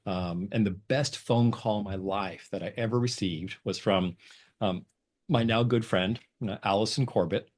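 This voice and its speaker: A middle-aged man with a low voice speaks as an interview guest. He rambles, stacking "um"s and false starts, and his pitch jumps up when a point excites him. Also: normal speed. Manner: rambling with many fillers and restarts, lively pitch jumps. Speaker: guest, lawyer and negotiator. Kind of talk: conversational interview.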